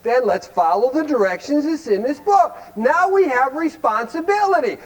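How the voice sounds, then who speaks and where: In a rough recording, a man from Cleveland, Ohio, USA, talks in a very high, very animated voice at a moderate pace with few pauses. His recovery workshop talk is folksy and blunt, and he constantly quizzes listeners with rhetorical questions.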